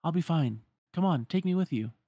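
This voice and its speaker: A man voicing a gentle, apologetic teenage girl in a raised, lilting voice for a fan retelling of a game story. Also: a little high, expressive, fairly quick, no echo, studio quality, voice pushed up.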